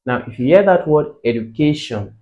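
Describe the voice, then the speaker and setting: A man with a Nigerian English accent tutoring exam English, slowly repeating words to drill their pronunciation. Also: mid-range voice, lively intonation, warm tone, highs cut off. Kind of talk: tutorial explanation.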